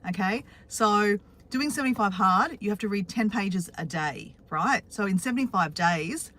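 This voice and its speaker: A woman's voice: medium pitch, fairly bright tone. A woman with an Australian accent chatting casually on a live stream from her car, greeting viewers by name.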